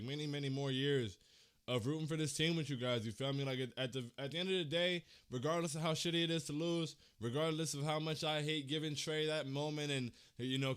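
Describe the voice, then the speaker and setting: Choked-up young man, smooth voice. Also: a little high, fairly bright tone. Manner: emotional, slangy, repeats himself. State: holding back tears. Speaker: fan channel host. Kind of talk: casual livestream talk.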